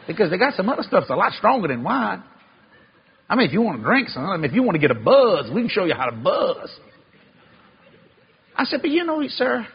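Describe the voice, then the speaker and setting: A man preaching a sermon, telling a story in a folksy way with y'all and ain't, swinging from loud exclaiming to low hushed tones. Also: husky, muffled recording. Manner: folksy Southern-style speech with y'all and ain't.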